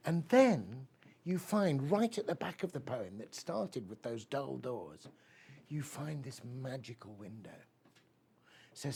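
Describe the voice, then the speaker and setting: A man's voice: medium pitch, very animated, a little slow, gravelly, a little mellow, a little hiss or hum. A man giving a talk, rambling and enthusiastic, telling a personal story and reading poetry aloud. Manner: rambling, enthusiastic, many fillers. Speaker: speaker at a weekend of talks.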